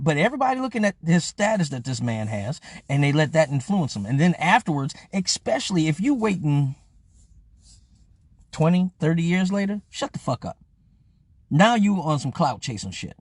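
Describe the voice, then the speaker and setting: A man's voice: on the high side, very animated, moderate pace, no room sound, clean studio sound. A man in casual live-stream chat, blunt and profane.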